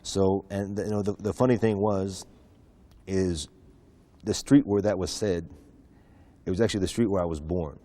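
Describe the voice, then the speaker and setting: A man from the United States telling a personal story in a relaxed, chatty interview, with many asides and restarts. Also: deep voice, normal speed, no echo. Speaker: guest preacher telling his conversion story.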